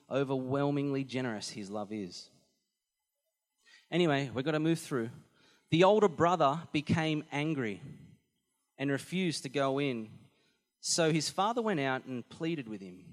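A man preaching a sermon, animated and emphatic, often repeating phrases for effect. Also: mid-range voice. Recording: long hall reverb.

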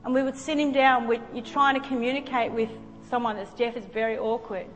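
A woman's voice: a little high, fairly even intonation, brisk. A woman preacher delivering a sermon in a church, telling a personal story in an earnest, emotional way. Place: church sanctuary. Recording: long hall reverb with faint music.

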